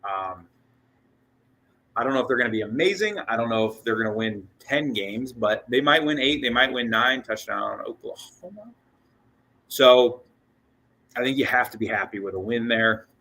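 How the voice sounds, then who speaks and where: Slightly out of breath, a male sports podcast host runs a casual postgame show at a moderate pace, his mid-range voice bright and forward. He rambles with excitement, often restarting sentences and repeating words, all captured on a rough recording.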